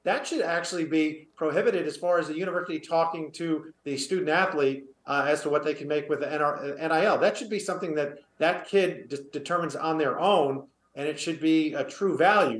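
A man's voice: on the high side, fairly quick, few pauses. Male guest, former player, earnest, opinionated, echoey room. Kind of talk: casual sports interview.

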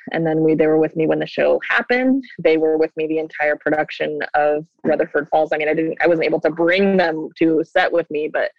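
A woman talks casually as an interview guest, rambling through her answers with lots of fillers. Her voice comes through a dull, lo-fi remote line with a dry sound and no room echo. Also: sits low. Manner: chatty, rambling, with many fillers.

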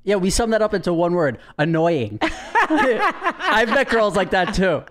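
A man's voice: high voice, very animated, unhurried, fairly bright tone. Man, podcast guest, sweary, mocking, ranting casual talk. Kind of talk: casual chat.

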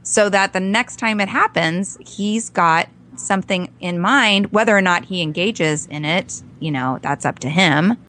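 A woman's voice: fairly low pitch, unhurried, hardly any pauses, a bit bright. A woman parent coach talking earnestly in a podcast interview, telling stories with acted-out quotes.

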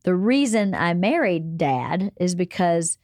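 A middle-aged woman hosting a casual family chat, giving calm, gently lecturing advice. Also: fairly low pitch, slow, no echo, studio quality. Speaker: podcast host and mother.

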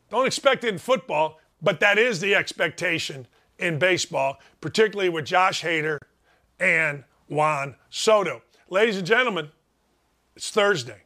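A man hosting a sports talk radio show, delivering an emphatic, animated monologue. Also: sits high. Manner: animated, emphatic, repeats phrases for effect.

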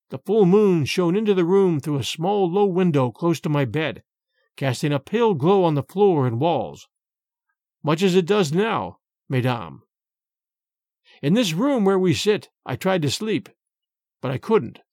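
A man narrating a story in a measured, expressive way. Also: fairly high pitch, dry recording, clean studio sound. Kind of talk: storytelling reading.

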